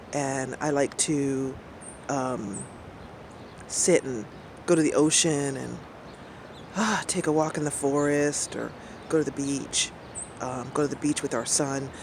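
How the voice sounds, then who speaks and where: A woman's voice: deep voice, a little slow. Middle-aged woman rambling outdoors, chatty, laughs a lot, faint traffic going by. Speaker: streamer. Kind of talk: casual chat.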